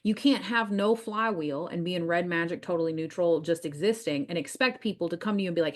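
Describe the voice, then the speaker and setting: A woman's voice: lowish voice, fairly quick, few pauses. A woman with a Southern US accent hosting a business podcast, speaking confidently and emphatically about marketing and acting out what clients say. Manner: confident, emphatic, acts out clients in quoted voices. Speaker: podcast host, business coach.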